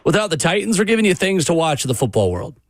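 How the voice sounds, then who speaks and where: A man hosting a sports talk radio show, upbeat and animated. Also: a little high, fast talker, dry recording. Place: radio studio.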